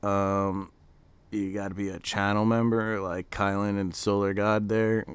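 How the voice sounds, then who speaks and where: American male streamer, low smooth voice, easygoing rambling chat with viewers. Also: level tone, a little slow, dry recording. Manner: rambling, chatty, reads and answers chat aloud. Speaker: streamer hosting a live reveal watch party. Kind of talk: casual live-stream chat.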